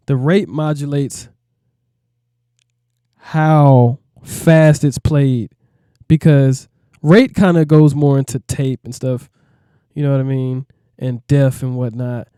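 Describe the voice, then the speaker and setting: A man's voice: mid-range voice, warm tone, smooth, dry recording, clean studio sound. A man, a music producer, walking through a plugin in a laid-back, rambling way, often asking "you know what I mean". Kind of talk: casual tutorial walkthrough.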